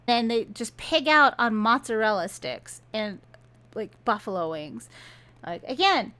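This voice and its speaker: A woman's voice: a little high, expressive, unhurried, sharp tone. A woman ranting casually in a book review, sarcastic and chatty.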